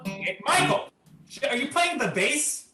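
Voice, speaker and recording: A man's voice: very high voice, very animated, a little slow, roomy sound, far from the mic, music in the background. A man hosting an online comedy show on a video call, joking and exasperatedly scolding a bandmate. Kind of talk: stand-up banter.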